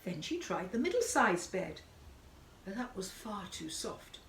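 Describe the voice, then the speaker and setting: A woman narrating a children's story in an expressive, sing-song manner. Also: mid-range voice, unhurried, gravelly, slight background noise. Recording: echoey room.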